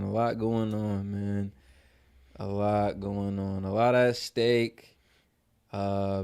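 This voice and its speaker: A man from Ohio with an Ohio accent co-hosting a casual livestream, hyping viewers with shout-outs and filling his talk with "man". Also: fairly low pitch, smooth. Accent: American Midwest, Ohio. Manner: hypes viewers, frequent shout-outs, says "man" a lot. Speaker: livestream co-host.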